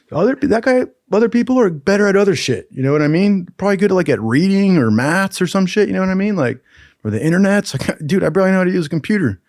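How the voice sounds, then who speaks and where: A man's voice: sits high, lively intonation, quick pace, darkish tone, dry recording, studio quality. A young man telling a profane, casual story from his training, laughing often and saying "dude" a lot.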